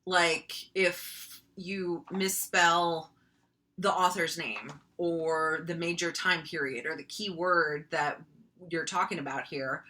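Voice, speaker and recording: A woman's voice: on the low side, fairly even intonation, slow, pushed and bright. A young woman from North Dakota, teaching writing in a casual lecture, full of ums and likes. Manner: chatty, frequent ums and likes, mock voices for examples.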